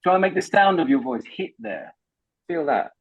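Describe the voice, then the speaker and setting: A man's voice: on the high side, big pitch swings, normal speed, highs cut off. A man working as a voice coach, patiently talking a guest through voice exercises over a video call. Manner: patient, instructive, repeats words when starting.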